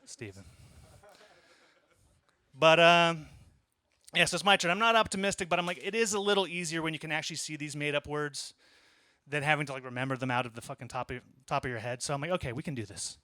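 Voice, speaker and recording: A man in his thirties telling a conversational story in a stand-up set, with deadpan asides. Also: on the high side, fast talker, dry recording, clean studio sound. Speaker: stand-up comedian. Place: small comedy club.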